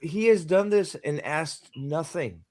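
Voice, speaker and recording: Australian man, casual crude chat, lightly raised pitch. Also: expressive, slow pace, darkish tone. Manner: swearing, joking, mock-voicing characters. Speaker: podcast co-host. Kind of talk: casual crude book discussion.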